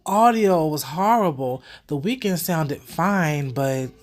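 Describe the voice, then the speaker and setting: A woman's voice: low voice, slow. Slightly stuffy young woman vlogger. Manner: animated, profane, talks straight to viewers. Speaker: vlogger host. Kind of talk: casual opinion commentary.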